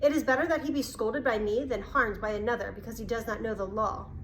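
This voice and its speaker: A woman reads as a stern old bear teacher from a storybook, earnest and scolding, his voice raised a touch above a plain reading tone. He lectures gravely on the laws of the jungle. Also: on the high side, steady tone, fast talker, a little hiss or hum, lightly acted. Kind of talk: storybook read-aloud.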